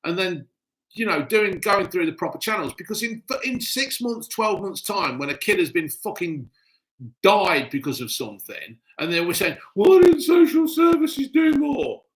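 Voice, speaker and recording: A man's voice: high-pitched, expressive, moderate pace, bright, forceful tone. Sweary man ranting on a livestream. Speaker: livestream host. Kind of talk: casual live-stream chat.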